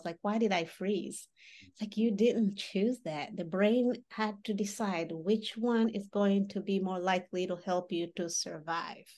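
A woman's voice: mid-range voice, darkish tone. A middle-aged woman giving a workshop talk in a conversational teaching style, explaining with everyday examples and often checking in with the audience. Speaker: workshop trainer.

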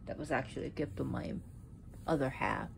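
A woman's voice: very deep voice, fairly quick, creaky, noisy background. A woman hosting her own channel, talking casually about mythology while setting up an altar at home, rambling and correcting herself as she goes. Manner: rambling, self-correcting, with sudden outbursts. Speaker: pagan video host.

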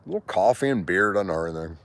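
A man's voice: deep voice, animated, rapid-fire, a bit bright, a little hiss or hum. A man in his sixties streaming live from an outdoor park, rambling and preaching to his viewers with plenty of swearing. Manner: preachy, profane, talks to viewers and passers-by. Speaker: livestreamer.

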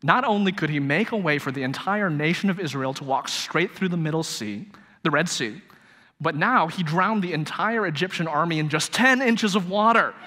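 Man doing a little boy, eager, shouty, bright voice, reverberant hall. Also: fairly high pitch, animated, normal speed. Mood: earnest, eager. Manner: shouting praise, earnest. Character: excited boy of about eight, joyful believer.

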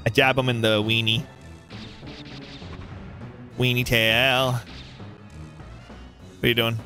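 Bright, excitable young male gamer. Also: mid-range voice, very slow, soft background music. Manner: excitable, yelling and taunting the boss. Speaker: gaming YouTuber. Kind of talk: let's play commentary.

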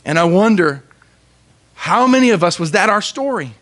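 Young guy pastor preaching, higher voice, earnest, pauses for emphasis. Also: expressive, fairly bright tone. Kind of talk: sermon.

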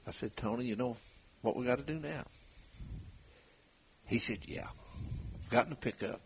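A man's voice: medium pitch, moderate pace, husky. An older man, telling folksy stories in casual conversation and laughing at his own tales. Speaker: bloodhound tracker. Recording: dull lo-fi recording with hiss.

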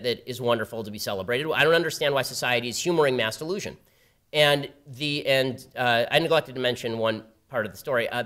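A man giving a public talk at a campus event, telling a story in a rapid, sardonic way. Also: medium pitch, sharp tone. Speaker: guest speaker at a campus event. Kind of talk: public talk with a told anecdote. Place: university event before a live audience.

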